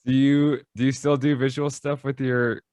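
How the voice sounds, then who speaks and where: A man hosting a podcast, chatting relaxed and thinking aloud in a conversational interview. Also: mid-range voice, normal speed, no room sound. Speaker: podcast host.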